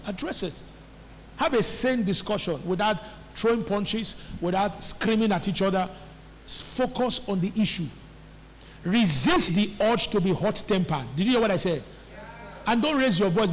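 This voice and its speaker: A man preaching from the pulpit, pressing the congregation with repeated questions. His voice sits high for a man. A long hall reverb and faint room noise trail behind him. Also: expressive, normal speed. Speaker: pastor. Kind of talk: sermon. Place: church hall. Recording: faint echo of a large church hall.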